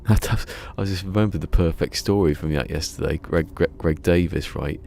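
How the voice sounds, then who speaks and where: A man's voice: low voice, normal speed, gravelly, darkish tone, a little hiss or hum. A man streaming a building game, chatting casually in a rambling, self-mocking way. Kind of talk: casual live-stream chat while building.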